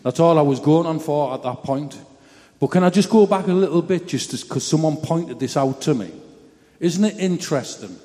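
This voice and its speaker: A man's voice: on the high side, moderate pace, mellow, long reverb tail. A man giving a personal testimony in a chatty, blunt, self-mocking storytelling way.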